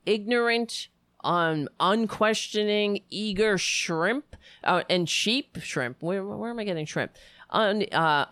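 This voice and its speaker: A woman delivers casual political commentary in a sarcastic, mocking tone. Her pace is slow and unhurried, and her voice sits at a middle pitch. The recording is dry and close, with no room sound. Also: a bit bright, dry recording.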